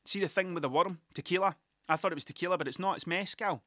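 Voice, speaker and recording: A man's voice: sits high, fast, bright, forceful tone, dry recording, clean studio sound. A Scottish man, a musician, telling rambling, sweary stories about gigs in a casual monologue, often laughing at himself.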